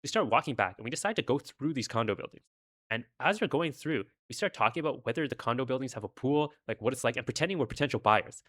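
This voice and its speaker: A man's voice: medium pitch, animated, fast talker, fairly bright tone. A young man casually telling a rambling personal story, with many fillers.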